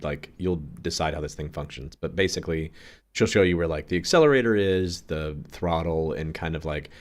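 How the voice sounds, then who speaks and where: Deep-voiced male game master. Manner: loose, rambling, swears, many fillers. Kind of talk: narrating a tabletop game.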